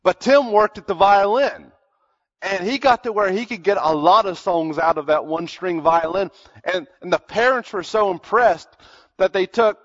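A man preaching a sermon, telling a story earnestly, dropping his voice low and then rising for emphasis. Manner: earnest storytelling, drops to near-whispers and rises for emphasis. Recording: dull lo-fi recording.

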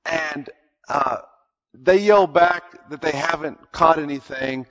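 A man's voice: fairly high pitch, takes it slowly, vocal fry, fairly bright tone. A man preaching a sermon, retelling Bible stories in an earnest, emphatic way and repeating words to stress his points. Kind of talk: sermon storytelling. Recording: long hall reverb, dull lo-fi sound.

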